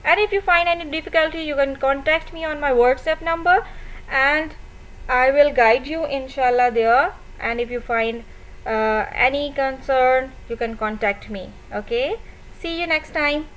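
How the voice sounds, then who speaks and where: A woman's voice: sits high, unhurried, fairly bright tone, rough recording. A woman teacher with a Pakistani English accent, patiently counting out syllables in a recorded lesson for young pupils. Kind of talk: recorded online class lesson.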